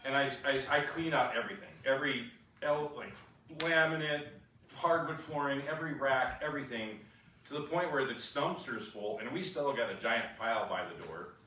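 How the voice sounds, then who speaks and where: A man sharing a personal testimony, animated and restless, full of fillers and restarts. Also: medium pitch, normal speed. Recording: echoey room, far from the mic, faint noise.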